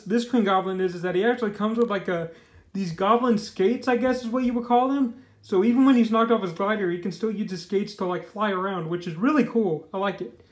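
A man casually reviewing a comic book, rambling loosely and filling his talk with "you know" and "like". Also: high voice. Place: indoors. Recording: echoey room.

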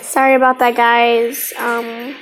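A woman's voice: fairly high pitch, slow, music in the background, low-quality recording. A woman casually commenting over her gameplay as a YouTuber, chatty and rambling, giggling between remarks. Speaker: gaming YouTuber. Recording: steady background noise.

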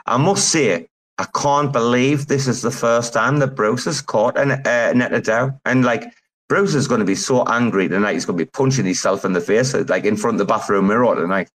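A man's voice: medium pitch, moderate pace, poor audio. Man, forties, host, rambling, profane, casual chat. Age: 40s. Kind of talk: casual late-night chat. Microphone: phone.

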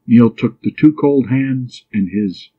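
Man narrating a storybook, breathy husky voice, muffled lo-fi sound. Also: medium pitch, slow pace. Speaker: audiobook reader. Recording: dull lo-fi recording.

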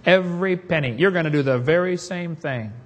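A man's voice: on the high side, brisk, a little hiss or hum. A man with a Southern accent preaching a sermon in a folksy, joking, storytelling way.

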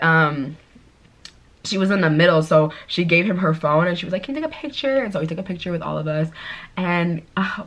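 A woman's voice: on the low side, fairly bright tone. Chatty young woman doing her makeup. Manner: chatty, bubbly storytelling with lots of fillers. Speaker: beauty vlogger. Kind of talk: casual chat while doing makeup.

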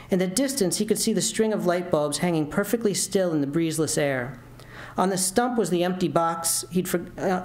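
A man reading his own fiction aloud at a university, narrating steadily with occasional restarts. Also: sits high. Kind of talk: literary reading. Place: university lecture room. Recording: roomy lecture hall.

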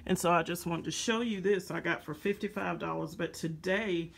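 A woman's voice: on the low side, normal speed, gravelly, breathy edge. A woman showing off craft supplies in a casual vlog from her home craft room, chatting to viewers with lots of ums. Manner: chatty, addresses viewers as guys, many ums. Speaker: craft haul vlogger. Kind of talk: casual show-and-tell chat.

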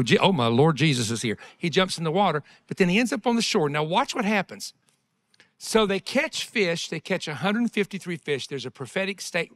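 A man preaches a revival sermon in a fairly high voice that climbs and plunges with feeling. He moves between loud, fervent passages and quiet, intimate ones. Casual asides break up the preaching. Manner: conversational asides with laughter.

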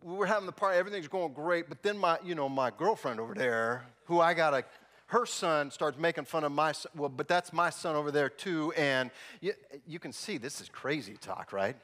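A man voicing a frantic husband loudly rambling excuses to a cop. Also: fairly high pitch, fairly quick, voice pushed up. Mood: flustered. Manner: loud, excited, rambling excuses. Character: frantic man caught in a family quarrel. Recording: long church reverb.

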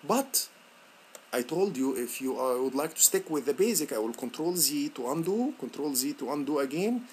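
A male instructor talking students through a software lab on screen, thinking aloud with repeated words and many fillers. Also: normal speed, a little hiss or hum. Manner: lively, rising pitch on praise words. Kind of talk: screen-recorded software tutorial.

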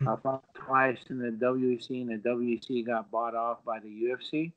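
Brief: middle-aged man, lively storyteller, mid pitch, slightly dull lo-fi audio. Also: normal speed. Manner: animated, acts out quotes with lots of fillers. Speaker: guest, former pro fighter. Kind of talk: casual storytelling. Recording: dull lo-fi sound.

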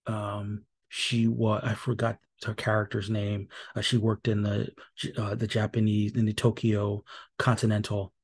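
A man's voice: fairly low pitch, completely flat delivery, measured pace, breathy edge. A man hosting a solo podcast, talking casually and wryly with many fillers and self-corrections. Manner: dry and wry. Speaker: podcast host.

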